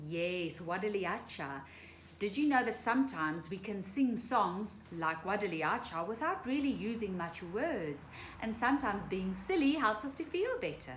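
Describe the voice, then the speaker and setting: A woman's voice: medium pitch, very animated, unhurried. A woman teaching a remote morning circle to small children, singing and talking playfully in a singsong manner. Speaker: preschool teacher. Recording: echoey room with faint hiss.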